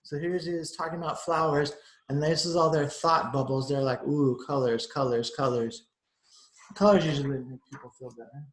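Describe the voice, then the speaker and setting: A man's voice: fairly high pitch, fairly even intonation, brisk. Man reading a storybook to kids. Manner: chatty asides explaining words simply. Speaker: teacher. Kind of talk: storybook read-aloud to children. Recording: roomy echo.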